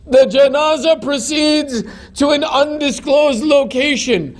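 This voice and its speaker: A man's voice: very high voice, unhurried. A man delivering an impassioned, grief-laden sermon as a religious lecturer. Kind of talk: mourning sermon narration.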